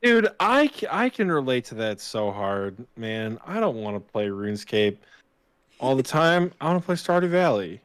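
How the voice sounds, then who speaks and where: Male podcast guest, lively pitch, dry close sound, goofy banter. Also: smooth, no echo. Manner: goofy, quick-joking. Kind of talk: casual chat.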